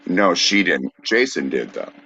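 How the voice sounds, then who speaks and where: A man's voice: low voice, big pitch swings, a little slow, creaky, bright, forceful tone, slightly rough, lo-fi sound. A man co-hosting a live comedy podcast, playing the dry straight man in a bit. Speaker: podcast co-host.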